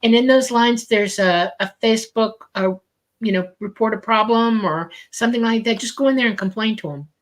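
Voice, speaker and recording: A woman's voice: fairly high pitch, a little fast. A woman co-hosting a live show, talkative and emphatic, thanking a sponsor and chatting loosely with restarts. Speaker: podcast co-host. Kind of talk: casual chat and sponsor thanks.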